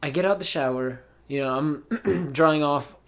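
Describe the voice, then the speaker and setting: A man's voice: on the high side, moderate pace, a bit bright. Young male podcast host, laid-back storyteller, lots of ums and restarts. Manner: rambling, with many fillers and restarts. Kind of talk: casual storytelling chat. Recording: voice call.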